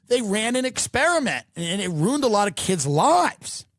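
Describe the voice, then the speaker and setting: A man's voice: high voice, big pitch swings, moderate pace, no echo, clean studio sound. A man hosting a podcast, delivering a mocking comedic rant and swearing freely. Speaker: podcast host.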